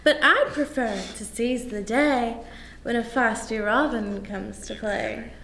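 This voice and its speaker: Figure: sassy cat villainess, played by a woman. Pace: slow and drawn out. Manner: snippy and mocking. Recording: roomy echo, faint hum. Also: on the high side.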